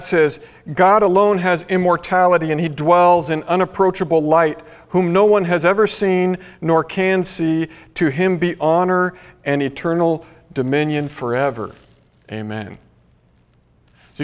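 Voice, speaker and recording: Guy preaching a sermon, kinda high voice, earnest, leans on key words, big echoey hall. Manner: earnest, emphatic, slowing to stress key phrases. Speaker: pastor. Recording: long hall reverb.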